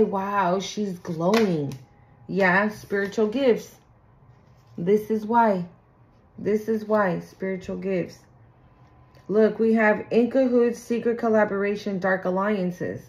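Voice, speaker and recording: A woman's voice: medium pitch, unhurried, darkish tone. Blunt, profane woman reading tarot. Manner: blunt, profane, acts out quoted people in sing-song voices. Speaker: tarot reader. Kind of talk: casual spiritual reading to camera.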